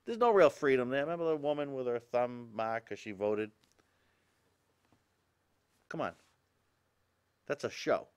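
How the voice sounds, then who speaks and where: A man's voice: medium pitch, unhurried, pauses often, clear, resonant tone. A middle-aged man hosting a talk show, delivering an emphatic political monologue full of rhetorical questions and asides to the audience.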